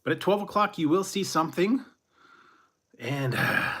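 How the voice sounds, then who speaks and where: A man's voice: sits high, lively intonation, normal speed, sharp tone, slightly rough. A man from Central California chatting casually on a live stream, rambling with chuckles and tossing in a joking "eh". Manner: rambling, chuckling, plays up a mock Canadian eh. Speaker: food review streamer.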